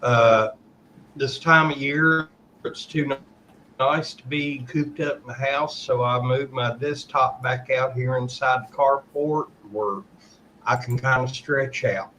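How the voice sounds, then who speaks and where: A man's voice: medium pitch, steady tone, takes it slowly, bright, forceful tone, a little hiss or hum, low-quality recording. A friendly man chatting on a livestream from a carport. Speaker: guest. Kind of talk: casual livestream chat.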